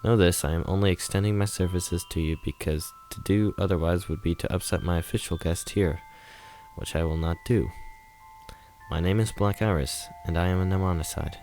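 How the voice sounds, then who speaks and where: A man's voice: deep voice, fairly quick, darkish tone, faint music behind. A man reading a visual novel aloud, voicing an aloof, disdainful mnemonicide in a stiff, formal and curt manner. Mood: cold. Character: young woman, cold aloof Mnemonicide, disdainful.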